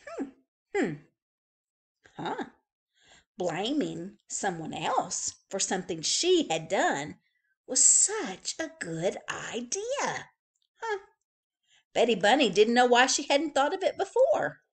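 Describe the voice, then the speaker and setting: A woman librarian reading a picture book aloud to young children, slow and expressive. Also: on the high side.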